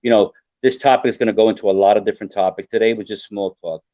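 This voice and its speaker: A man's voice: lowish voice, fairly even intonation, fast, mellow, no echo. An older man, a guest survival expert, talking earnestly and rambling in a casual podcast chat. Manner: earnest, rambling, repeats himself. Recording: dry, dull lo-fi sound.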